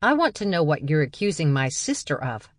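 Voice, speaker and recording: A woman voicing a steady, protective eldest sister in an audiobook, level and firm. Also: low voice, a little fast, dry recording, studio quality.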